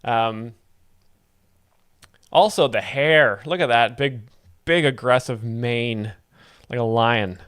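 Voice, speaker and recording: A man hosting a comedy show, explaining jokes in a deadpan, halting way full of ums. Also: medium pitch, clear, resonant tone, dry recording, studio quality. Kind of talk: deadpan mock commentary.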